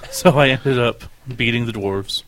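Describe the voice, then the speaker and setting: A man's voice: medium pitch, normal speed, slight background noise. A man appearing as a guest on a casual game podcast, recounting his tournament games in a dry, matter-of-fact way.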